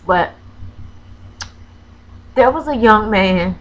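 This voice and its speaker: A woman's voice: mid-range voice, slow, lo-fi sound, a little hiss or hum. A woman vlogger telling a personal story, hesitant and full of ums and self-corrections, close to tears as she talks. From Florida. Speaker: crafting vlogger.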